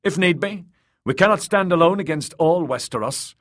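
A man's voice: on the high side, expressive, moderate pace, a bit bright, voice pushed up. A man reading an audiobook, voicing a haughty young nobleman who speaks with scorn. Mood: scornful. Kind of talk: audiobook character voice.

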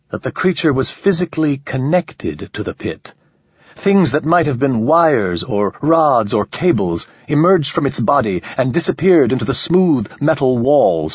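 Slow husky male narrator. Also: medium pitch, dry recording. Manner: measured, unhurried reading. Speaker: audiobook narrator. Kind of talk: scripted novel narration. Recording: slightly dull, dry audio.

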